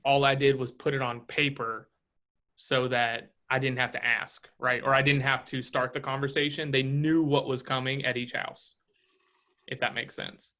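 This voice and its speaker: A man runs a relaxed training session in a coaching tone. He keeps tossing rhetorical questions at the room. His voice sits at a middling pitch. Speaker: real estate trainer.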